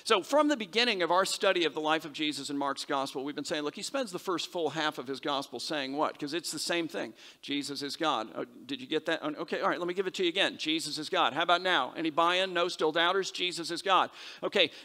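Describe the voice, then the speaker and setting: A man preaching a sermon as pastor, conversational and animated, acting out the voices in his stories. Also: a little high, quick pace, few pauses. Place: church sanctuary. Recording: long hall reverb.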